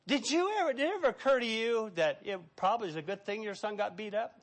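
A middle-aged male pastor preaching a sermon, emphatic, swinging between loud and hushed. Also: high-pitched, animated, a little fast, few pauses.

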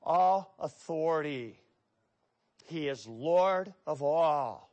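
A man delivers an expository sermon in a fairly high voice. He preaches emphatically, dropping into low, quiet asides and then rising into loud, forceful bursts. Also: lively intonation, drawn-out words. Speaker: pastor.

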